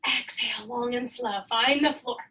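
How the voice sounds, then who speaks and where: A woman yoga instructor calmly cueing poses and breaths in an encouraging way, recorded in her home basement. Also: fairly high pitch, moderate pace, distant mic, poor audio. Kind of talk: guided yoga class instruction.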